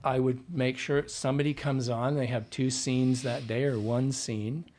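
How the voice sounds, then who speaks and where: A man's voice: mid-range voice, steady tone, normal speed, a little mellow. Man explaining his craft. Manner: explanatory, checks in with "right?". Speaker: dialect coach guest. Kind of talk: podcast interview.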